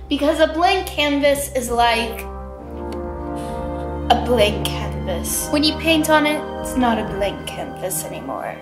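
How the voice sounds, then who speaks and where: A woman's voice: fairly high pitch, big pitch swings, unhurried. A woman vlogger chatting playfully and joking while she holds a contortion pose, sounding a little strained. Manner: playful, joking, bossy toward her helper. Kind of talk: casual vlog chat. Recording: echoey room with background music.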